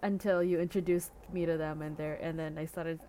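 A woman's voice: sits low, flat delivery, brisk, mellow, slight background noise. A woman from the Philippines co-hosting a podcast, chatting casually and filling her sentences with "like" and restarts. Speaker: podcast co-host. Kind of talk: casual chat.

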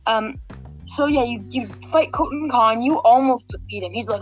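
A woman's voice: a little high, moderate pace, faint music behind, low-quality recording. A woman guiding listeners through a game mission in casual, rambling chat, full of fillers and restarts. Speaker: game walkthrough guide.

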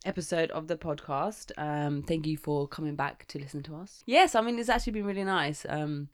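A woman's voice: low voice, brisk, no room sound, studio quality. A woman, co-hosting a podcast at home in casual chat, easily distracted and laughing often. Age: 20s. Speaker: podcast co-host. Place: home room by a garden window.

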